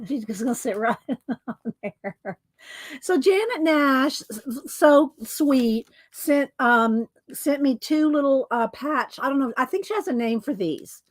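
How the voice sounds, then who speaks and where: A woman talks casually to her live viewers, greeting them one by one by name. Her throat is scratchy and she keeps clearing it. Her voice sits a little high. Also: lively intonation, slow pace. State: scratchy throat, struggling to talk. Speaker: craft channel host. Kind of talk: casual live-stream chat.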